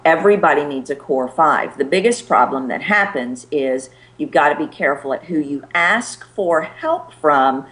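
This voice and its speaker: A middle-aged woman, a presentation skills coach, giving animated and emphatic advice as a guest on a show. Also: lowish voice. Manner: animated, emphatic, demonstrates pace with her voice.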